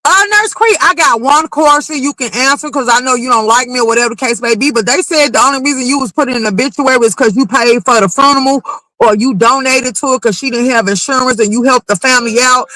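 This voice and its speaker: Blunt, high-pitched woman doing livestream commentary. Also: fast talker, dry recording, rough recording. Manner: animated, blunt and profane, reacting to chat. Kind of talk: casual livestream gossip commentary.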